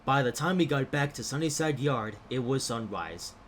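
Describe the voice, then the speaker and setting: A man narrating a cartoon story in a plain, steady manner. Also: mid-range voice, moderate pace, a little hiss or hum.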